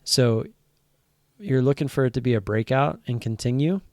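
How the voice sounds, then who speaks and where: A man's voice: mid-range voice, moderate pace, no echo. A man hosting a casual stock trading live stream, rambling with frequent fillers and restarts.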